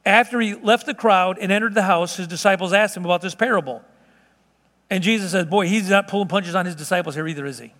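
High-voiced pastor preaching in a reverberant hall. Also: male voice, brisk, fairly bright tone. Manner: conversational preaching with frequent restarts. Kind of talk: sermon. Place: church sanctuary. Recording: long reverb of a church hall.

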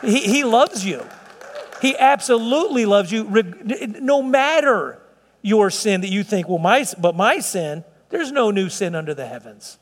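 A man preaching a sermon as pastor, slowing down and stretching words for emphasis as his intensity rises. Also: high-pitched, lively intonation, big-room sound.

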